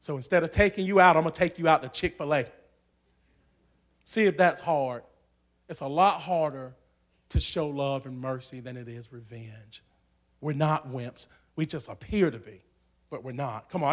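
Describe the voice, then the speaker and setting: A man preaching a sermon in a church, swinging from hushed asides to loud, shouting peaks. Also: on the high side, normal speed.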